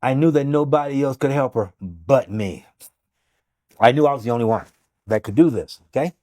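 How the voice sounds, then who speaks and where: A man's voice: mid-range voice, moderate pace, warm tone, no room sound, studio quality. A man who is a doctor, telling an emphatic, dramatic story in an interview and acting out what people said. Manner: dramatic, emphatic, acts out quotes. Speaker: guest, doctor. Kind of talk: animated storytelling.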